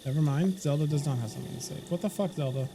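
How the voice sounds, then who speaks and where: A man's voice: on the high side, very fast, background noise. Rambling man streaming a game. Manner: rambling, self-correcting, talks to chat. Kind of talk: casual live-stream chat.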